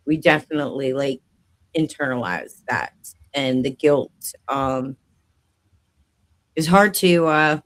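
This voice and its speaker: A man hosting an interview show, speaking gently and affirming his guest. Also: on the high side, poor audio. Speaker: host.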